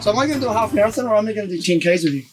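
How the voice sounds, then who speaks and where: A man with a New Zealand accent, loud and jokey, swearing freely as he chats with guests. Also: high voice, animated, very fast. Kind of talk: casual chat.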